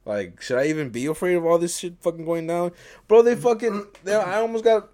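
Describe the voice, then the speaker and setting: A man's voice: sits high, brisk, mellow. A young man, co-hosting a casual podcast, rambling and swearing constantly, often laughing and acting out quotes. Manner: profane, rambling, laughs a lot, acts out quotes. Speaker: podcast co-host.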